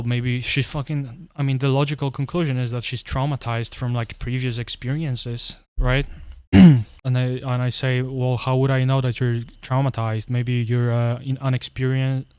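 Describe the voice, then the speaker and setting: Man, smooth voice, mid-pitched, casual profane rant, rambling restarts. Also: flat delivery, normal speed, darkish tone, no room sound. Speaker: commentary vlogger.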